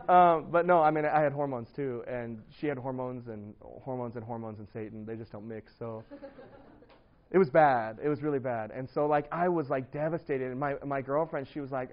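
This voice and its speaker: A man's voice: mid-range voice, brisk. Guy preaching a sermon, rambly storytelling, fillers everywhere, kinda muffled recording. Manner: animated storytelling, lots of fillers and laughter.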